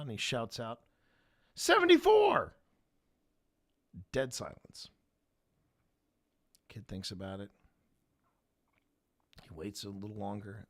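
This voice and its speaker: A man's voice: medium pitch, bright, forceful tone. Rambling man telling a long joke. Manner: rambling with many restarts, rising for punchlines. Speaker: paranormal investigator telling a joke. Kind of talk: casual storytelling chat.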